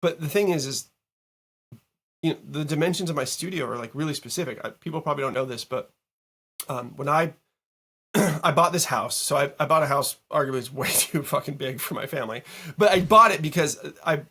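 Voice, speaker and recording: A man's voice: a little high, a little fast, husky. Chatty man telling a studio story. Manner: animated storytelling with fillers and casual swearing. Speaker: guest music producer and mix engineer. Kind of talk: casual interview chat. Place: home recording studio.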